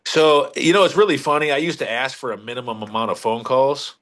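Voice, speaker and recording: A man's voice: medium pitch, brisk, a bit bright. A middle-aged man, a car dealership leader, talking casually as a podcast guest in a blunt, emphatic way, repeating words and restarting sentences as he goes. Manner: salty, blunt sales talk. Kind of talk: casual interview talk.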